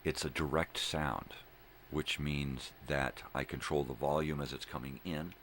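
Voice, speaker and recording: An older man talks in a rambling, joking way full of laid-back slang, thinking aloud as he goes. His voice sits extremely low, with a gravelly rasp and a bright, tense edge. A faint hiss of noise runs underneath. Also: fairly even intonation, a little slow. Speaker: daily show host. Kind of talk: rambling casual monologue.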